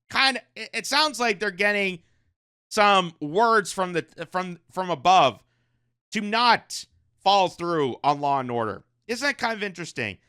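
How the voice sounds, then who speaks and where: A man's voice: sits high, bright, forceful tone, clear, resonant tone. A man commenting on the news in casual talk, often sarcastic and mocking the people he criticizes. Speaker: commentary host.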